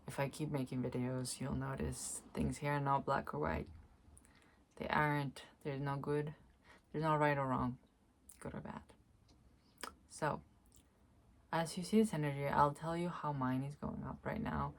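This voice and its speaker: A woman with a low voice talks very slowly in a soft, searching way, pausing to hunt for the right words. Her solo vlog drifts between reflection and light laughter. A faint room hiss sits under her voice. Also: level tone. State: tearful at times. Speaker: spiritual vlogger. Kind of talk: slow reflective monologue, energy reading.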